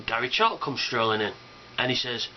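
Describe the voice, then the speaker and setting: Very animated and talking a little fast, a male fan convention vlogger rambles through a casual video response, sprinkling in ums and good-natured curses. His pitch is ordinary, his energy enthusiastic, and the dull, lo-fi sound has a slight hiss underneath.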